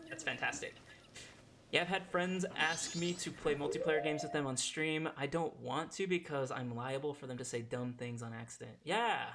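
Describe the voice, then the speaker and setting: Lively gravelly-voiced male streamer. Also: fairly high pitch. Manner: chatty, laughs often, reads chat aloud. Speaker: language teacher. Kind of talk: casual game stream chat.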